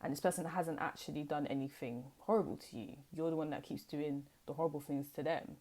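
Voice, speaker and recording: Young woman rambling thru a tarot reading, low voice, lots of slang and asides. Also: fairly even intonation, fairly quick, mellow. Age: young adult. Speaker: tarot reader. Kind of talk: casual tarot reading to camera.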